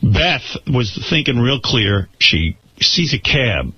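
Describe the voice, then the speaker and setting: Male radio host, husky, rambling storyteller who trips over his own words, dull broadcast sound. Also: medium pitch, takes it slowly. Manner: rambling, repeats words and restarts when excited. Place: radio studio. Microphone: studio mic.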